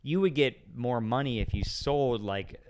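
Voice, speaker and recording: A man's voice: mid-range voice, unhurried, darkish tone, smooth. A man guest on a podcast, casually telling rambling stories about old jobs and acting out the voices of customers and himself. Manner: rambling storyteller, acts out voices of callers and himself. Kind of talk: casual chat.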